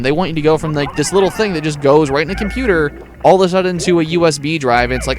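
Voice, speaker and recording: A man's voice: on the high side, fast. A young man hosting a casual let's-play, chatty and rambling with playful asides to his viewers. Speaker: gaming channel host.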